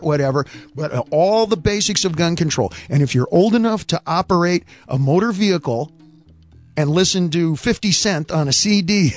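Animated, opinionated man doing stand-up. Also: fairly high pitch. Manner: animated, mimics voices, opinionated. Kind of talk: stand-up comedy rant.

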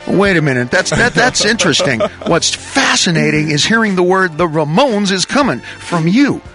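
A male radio host riffs and jokes with his studio crew. His voice sits a little high and swings widely, with loud music playing behind him in the studio. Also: sing-song, normal speed. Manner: joking, riffing, laughs between lines. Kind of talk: rambling comic radio talk.

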